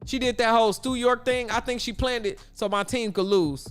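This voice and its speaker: A man's voice: very high-pitched, fairly even intonation, fairly quick, fairly bright tone, clear, resonant tone, soft background music. A man from Chicago hosting a casual sports livestream, chatty and answering his viewers' chat aloud. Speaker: livestream host.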